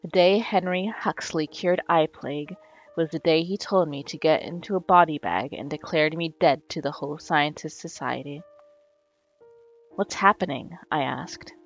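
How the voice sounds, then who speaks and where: A woman reading game dialogue aloud in a calm, unhurried way while playing with a co-host. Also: deep voice, dull audio, soft background music. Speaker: let's play co-host.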